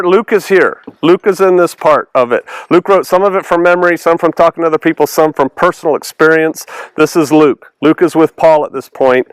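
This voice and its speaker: A male pastor delivers a relaxed, chatty sermon, often stopping to quiz the people listening. His voice sits high for a man and comes across smooth and clean, recorded close and dry with no room sound. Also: no room sound, low-quality recording. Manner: casual and animated, asks the congregation questions. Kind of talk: conversational sermon with Bible reading.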